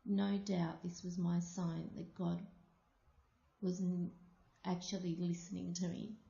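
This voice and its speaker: A woman from Australia telling a personal story aloud, slow and deliberate. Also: lowish voice, little pitch movement, gravelly, mellow. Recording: muffled, echoey room.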